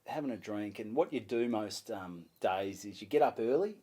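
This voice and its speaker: An Australian man spins a story in loose, relaxed chat, with salty language throughout. He keeps jumping into the voices of the people he describes, so his telling stays lively. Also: on the low side, normal speed, slightly rough. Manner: animated, swearing, acts out voices in his stories. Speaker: comedian guest.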